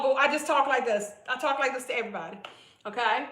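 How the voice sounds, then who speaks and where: High bright lady coach talkin direct to her viewers, echoey room. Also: quick pace. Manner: direct, chatty, repetitive, calls viewers "boo". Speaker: weight-loss coach hosting a live stream. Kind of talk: casual live-stream sales pitch. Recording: roomy echo.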